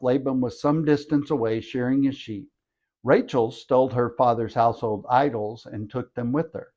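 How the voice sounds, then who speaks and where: A man's voice: medium pitch, a little mellow, dull audio. A man who hosts a podcast, reading a scripture passage aloud and breaking in with wry jokes. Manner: wry, joking asides. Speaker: scripture reader and podcast host. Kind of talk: bible reading with asides.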